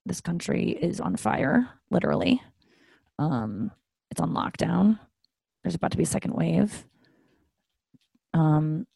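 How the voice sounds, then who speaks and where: A young woman talks through a personal story on her podcast, loose and candid, cursing freely and playing out the back-and-forth with her family. Her voice is husky with a gravelly edge and a mellow, dark color. The sound is close and dry. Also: lowish voice, no room sound. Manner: chatty, candid and profane, acting out family dialogue. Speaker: podcast host. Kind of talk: casual solo podcast storytelling.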